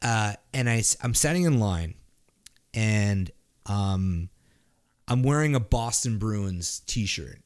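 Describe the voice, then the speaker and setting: A man's voice: on the low side, expressive, slow pace. A man from Montreal telling a story in casual podcast chat, swearing often and restarting his sentences with lots of "like". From Canada (Montreal). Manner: profane, rambling, with frequent restarts and "like" fillers. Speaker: podcast host.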